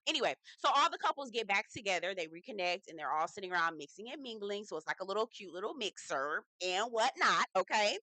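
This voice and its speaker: A woman's voice: medium pitch, pushed and bright, no room sound. A woman hosting a casual reality TV recap, sassy and slangy, talking straight to her viewers. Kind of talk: casual review commentary.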